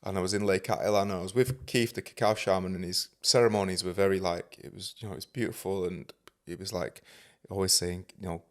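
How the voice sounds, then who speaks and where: A man's voice: sits low, steady tone, fast. A man hosting a podcast in loose, chatty talk, swearing freely and using lots of fillers. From England. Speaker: podcast host. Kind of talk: casual podcast chat.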